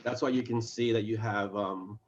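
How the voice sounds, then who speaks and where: A man, a fantasy author, chatting in an interview over a video call, lively and acting out his characters' lines. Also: fairly low pitch, highs cut off. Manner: animated, acts out his characters' lines in quick voices. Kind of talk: casual video chat interview.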